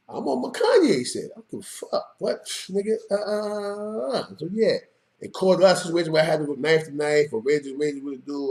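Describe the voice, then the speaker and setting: A middle-aged man holds forth in an unscripted monologue, streetwise and emphatic. His voice sits a little higher than most men's. He keeps checking in with the listener as he talks. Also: darkish tone. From New York. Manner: streetwise, emphatic, repeats "you know what I mean". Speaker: show host.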